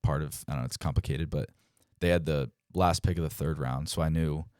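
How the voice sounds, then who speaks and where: A man's voice: extremely low pitch, fairly quick, clean tone, no room sound, clean studio sound. A young man in his twenties, a pro baseball player and podcast guest, telling stories in a casual way and acting out quoted dialogue, with a lot of "like". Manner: animated, acts out quoted dialogue, frequent "like". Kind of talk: casual storytelling.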